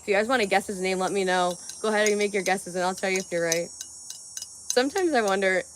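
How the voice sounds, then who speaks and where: A woman's voice: medium pitch, steady tone, very fast, slight background noise. A young woman chatting casually on a live stream, rambling, giggling and swearing now and then.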